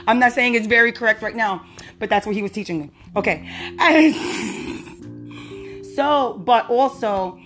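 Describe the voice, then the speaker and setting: A woman's voice: a little high, lively intonation, slow pace, pauses often, fairly bright tone, soft background music. A young adult woman hosting a podcast, chatting casually and telling a story, laughing often and acting out the voices she quotes. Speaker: podcast host. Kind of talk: casual chat.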